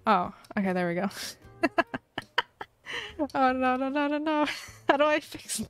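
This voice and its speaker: A woman streamer talks through her game live, excitable and quick to giggle. Her voice sits a little high. She gushes and chatters to her viewers as she plays. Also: clean tone, faint music behind. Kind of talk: live gameplay commentary.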